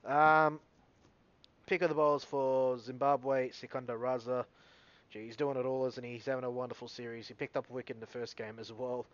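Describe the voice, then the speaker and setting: A man's voice: mid-range voice, steady tone, a little fast, highs cut off. A man hosting a casual solo cricket recap, reading out bowling and batting figures, often stumbling and correcting himself. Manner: rambling, self-correcting, reading out stats. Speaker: cricket video host.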